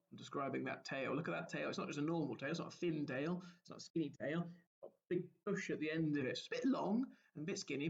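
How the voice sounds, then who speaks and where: A man, a primary school teacher giving a recorded lesson, explaining gently and asking the children questions. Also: fairly high pitch, creaky, lo-fi sound.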